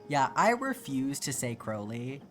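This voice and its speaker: A chatty livestreamer talking to viewers in a relaxed, off-the-cuff way while crafting at home. The tone is playful, with mock indignation and teasing back at the chat, and music plays underneath. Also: mid-range voice, measured pace. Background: background music.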